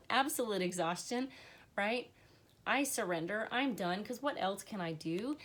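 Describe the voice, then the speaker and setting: A woman in a live-streamed tarot reading, talking to her viewers with earnest encouragement. Her voice sits in an ordinary middle range, and her heartfelt, emotional delivery gives the reading its warmth. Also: medium pitch, animated, measured pace. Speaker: tarot reader.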